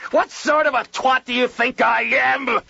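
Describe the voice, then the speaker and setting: Furious storesman, yells curses way up high, lively and fast. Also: no echo, highs cut off. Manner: shouting curses, rapid and slurred. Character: hot-tempered male storesman, foul-mouthed and furious.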